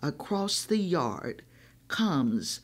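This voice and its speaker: Woman reading a story aloud, lively. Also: low-pitched, very slow. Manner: expressive first-person storytelling. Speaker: reader. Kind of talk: reading a children's novel aloud.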